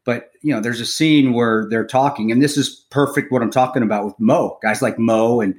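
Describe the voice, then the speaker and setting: A man's voice: medium pitch, moderate pace. An American man hosting a podcast who tells a story with energy, swears freely and often restarts his sentences. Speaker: podcast host.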